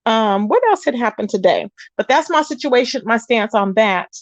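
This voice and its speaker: A woman's voice: on the high side, expressive, normal speed, dry recording, lo-fi sound. A woman hosting a casual livestream, chatting with viewers and calling them child and babe. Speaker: livestream host.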